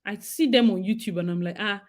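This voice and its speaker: Animated Nigerian woman chatting. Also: medium pitch, fast talker. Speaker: host. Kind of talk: casual monologue.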